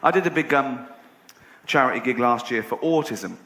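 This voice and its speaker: On a theatre stage before a laughing audience, a man performs a stand-up comedy set, telling stories in a sardonic, mock-indignant way. His medium-pitched voice is pushed and bright at a normal speed. The recording captures a roomy hall with audience noise.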